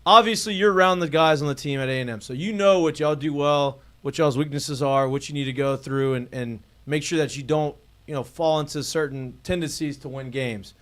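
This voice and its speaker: A man's voice: a little high, a little fast, few pauses. A man co-hosting a sports podcast, chatting casually and asking long questions. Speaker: podcast co-host. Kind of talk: casual interview chat.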